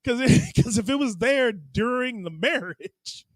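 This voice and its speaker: A man's voice: very high-pitched, expressive, measured pace, a bit bright, no room sound, low-quality recording. A man co-hosting a comedy podcast in casual banter, laughing often and restarting his words. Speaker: podcast co-host.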